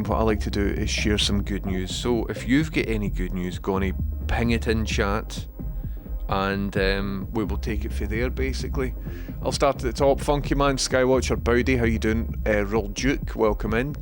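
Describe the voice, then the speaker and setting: Scottish guy rambling on his livestream, chatting to viewers, clear music playing behind him. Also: fairly low pitch, normal speed. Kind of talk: casual livestream chat. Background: background music.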